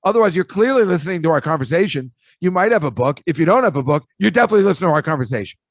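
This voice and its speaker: A man's voice: fairly high pitch, expressive, rapid-fire, dry recording. A man hosting a podcast, telling rambling, jokey stories in a casual chat. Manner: rambling, chatty, jokey asides. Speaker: podcast host. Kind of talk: casual storytelling monologue.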